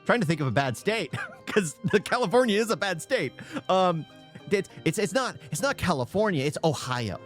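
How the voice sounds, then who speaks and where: A man's voice: high-pitched, big pitch swings, moderate pace, faint music behind. A young adult man giving casual reaction commentary, rambling and repeating his own phrases. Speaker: reaction video host. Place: home in California.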